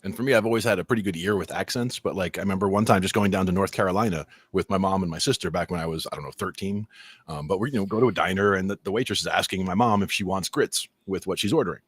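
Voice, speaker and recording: A man co-hosting a podcast in casual chat, conversational and telling a story with quick asides. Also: low voice, breathy edge. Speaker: podcast co-host.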